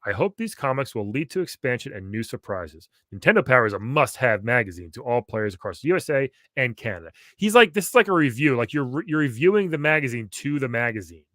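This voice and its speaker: Comedy co-host, male, mid pitch, wry and teasing, very expressive, dry close sound. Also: fast, hardly any pauses, no echo. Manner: wry, teasing, reads aloud. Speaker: podcast co-host. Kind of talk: comedic magazine read-along chat.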